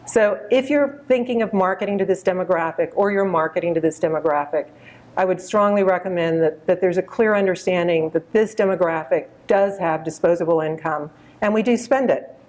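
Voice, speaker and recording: A woman in her fifties giving a conference keynote, measured and storytelling, addressing the audience directly. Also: on the low side, darkish tone. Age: 50s. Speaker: keynote speaker.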